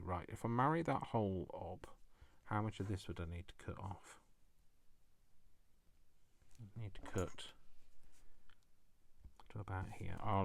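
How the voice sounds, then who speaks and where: A man's voice: low voice, creaky, a little hiss or hum. A man hosting a casual crafting vlog, joking with himself and scolding himself by name as he works. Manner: jokey, self-mocking, chuckles. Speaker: crafting channel host.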